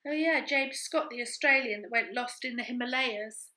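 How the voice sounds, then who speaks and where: A woman's voice: on the high side, normal speed, pushed and bright, rough recording. A woman in a casual crafting chat, thinking aloud as she works. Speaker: craft vlogger.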